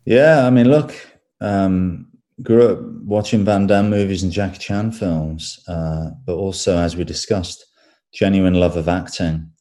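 A man with an English accent, an actor being interviewed, talking in a relaxed way with fillers and repeated words. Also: deep voice, measured pace. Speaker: actor guest. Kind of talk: casual interview chat.

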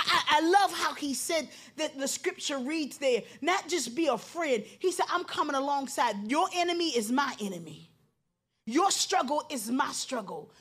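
High-voiced woman preaching with fervor. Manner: impassioned preaching, repetitive building cadence, rising to shouts. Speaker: pastor. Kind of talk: sermon.

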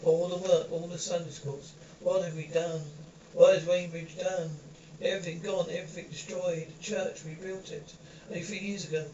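A man's voice: little pitch movement, moderate pace, few pauses, warm tone, echoey room, far from the mic, close to an everyday voice. A man reading a despairing middle-aged curate. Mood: lamenting. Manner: anguished, lamenting, raising pitch. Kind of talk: audiobook character voice. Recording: dull lo-fi recording with faint hiss.

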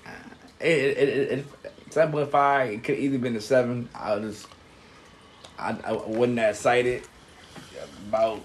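A man co-hosting a casual TV recap chat, talking in a halting, laid-back way with slang and repeated words. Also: mid-range voice, steady tone, a little hiss or hum. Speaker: podcast co-host.

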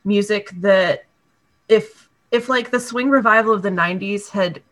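A woman in her thirties, a podcast guest chatting casually with a wry, deadpan manner and lots of fillers. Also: medium pitch, moderate pace. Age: 30s. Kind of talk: casual chat.

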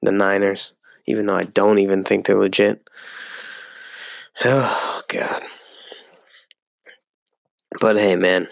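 A man's voice: lowish voice, little pitch movement, slow, creaky, long pauses, dry recording, clean studio sound. A young man hosting a casual solo sports podcast, rambling and swearing freely with lots of fillers. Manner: rambling and profane, with frequent fillers. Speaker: podcast host.

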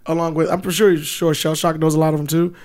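A man co-hosting a podcast, chatting casually with loose, profane, animated storytelling. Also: on the high side, fast talker. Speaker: podcast co-host.

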